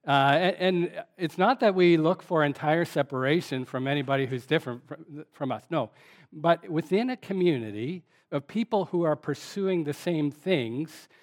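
A man's voice: a little high, normal speed. A male pastor giving an interactive sermon, repeating the congregation's answers and talking conversationally with frequent fillers. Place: church sanctuary.

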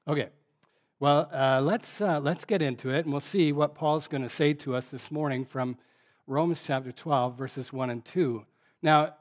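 Guy pastor in church, kinda high voice, loose and chatty sermon, lots of uh's and repeating what people call out. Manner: conversational, repeats audience answers, frequent fillers. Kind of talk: interactive sermon. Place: church sanctuary.

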